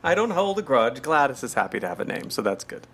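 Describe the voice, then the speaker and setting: A man's voice: mid-range voice, big pitch swings, fast talker, a bit bright, husky. A man co-hosting a podcast in casual chat, playful and giggly, with lots of asides and fillers. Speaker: podcast co-host.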